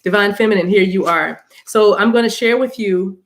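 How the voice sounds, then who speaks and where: A woman's voice: medium pitch, normal speed. Chatty woman hosting a spiritual livestream. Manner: laughing, chatty, addresses viewers as y'all. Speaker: spiritual reader and channel host. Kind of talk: casual livestream chat. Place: indoors, livestream from phone. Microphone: phone.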